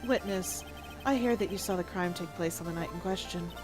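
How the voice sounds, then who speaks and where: A woman voicing a composed young male prosecutor, speaking in a dry, measured, lowered tone. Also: a little mellow, soft background music, natural voice.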